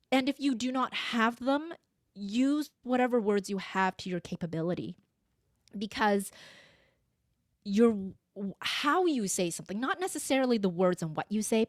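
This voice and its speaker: A middle-aged woman voice coach chatting in an interview, animated and expressive, acting out the voices of the people she quotes. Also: fairly high pitch, dry recording, clean studio sound. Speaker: voice coach guest. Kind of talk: casual interview chat.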